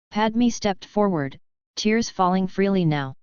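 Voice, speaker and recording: A woman's voice: lowish voice, measured pace, clean tone, dry recording. A woman narrating a fan fiction story in a dramatic storytelling manner, on a dull lo-fi recording. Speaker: story reader.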